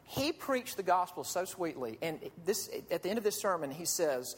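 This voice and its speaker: Earnest pastor preaching in a reverberant hall. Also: male voice, high-pitched, very animated, normal speed, hardly any pauses, husky. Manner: earnest, pleading, rhetorical questions. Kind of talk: sermon. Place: church sanctuary. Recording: long reverb of a large hall.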